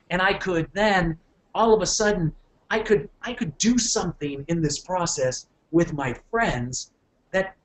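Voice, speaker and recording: As keynote speaker, a high-voiced, middle-aged man gives an audience a motivational business talk. His delivery is animated, with frequent repeated words and check-ins with the room.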